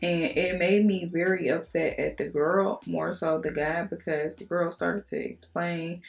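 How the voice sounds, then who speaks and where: A young adult woman chatting frankly to her viewers, telling animated stories and cussing casually. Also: fairly low pitch, a little slow, gravelly. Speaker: beauty vlogger. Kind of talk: casual chat to camera.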